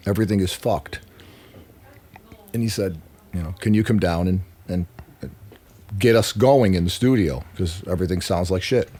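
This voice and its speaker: Low-voiced male musician guest, casual and profane, animated storyteller. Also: moderate pace, long pauses, slightly rough. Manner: animated, swears freely, acts out quotes.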